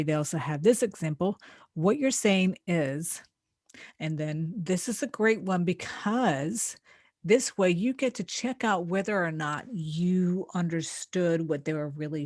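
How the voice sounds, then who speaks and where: A woman's voice: lowish voice, no echo, studio quality. A woman coaching on relationships in casual talk. She is chatty, laughs often and restarts her sentences a lot. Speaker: relationship coach and podcast host.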